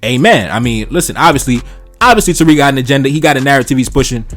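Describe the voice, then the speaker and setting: A man's voice: mid-range voice, lively intonation, racing, a bit bright, faint music behind. A Haitian man hosting a reaction video, talking bluntly and profanely, often calling his listeners "bro" and "man". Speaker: channel host reacting to tweets. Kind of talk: reaction commentary.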